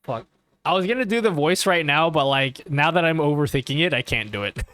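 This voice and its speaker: Animated, rambling male streamer. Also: fairly high pitch, fairly quick, no echo. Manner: rambling and profane, keeps asking okay. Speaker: livestreamer. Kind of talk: casual live-stream chat.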